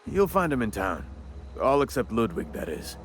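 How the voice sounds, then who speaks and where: An actor playing a chatty, wry frontier gravedigger in a video game, talking in a folksy drawl with old-timey wording. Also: male voice, medium pitch, sing-song, normal speed, soft background music, lightly acted. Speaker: game character.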